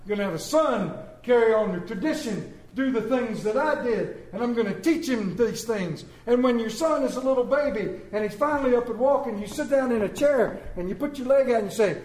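Male pastor, sermon, high voice, humorous storytelling, reverberant hall. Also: expressive, brisk, hardly any pauses. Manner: storytelling with humor, call and response.

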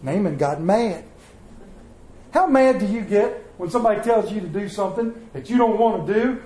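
Folksy male pastor with a high voice, telling stories from the pulpit in an echoey church. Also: animated, a little fast, darkish tone. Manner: folksy storytelling, acts out voices. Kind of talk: sermon.

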